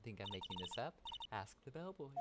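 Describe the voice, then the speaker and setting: A woman voicing a bratty, petulant young female witness in a game, whiny and coy, over loud game music. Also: a bass voice, very animated, fairly quick, very noisy. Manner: whiny, sing-song, coy. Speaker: streamer reading game dialogue aloud.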